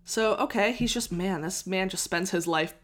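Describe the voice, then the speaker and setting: A woman's voice: medium pitch, moderate pace. A young woman in casual conversation, telling a history story with frequent laughs and restarts. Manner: chatty, laughs often, trails off and restarts. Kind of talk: casual chat.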